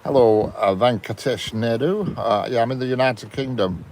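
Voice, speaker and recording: A man's voice: medium pitch, moderate pace, a little mellow, a little hiss or hum. A man in a parked car chatting casually on a live stream, greeting viewers by name and chuckling. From England. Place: inside a parked car by a railway.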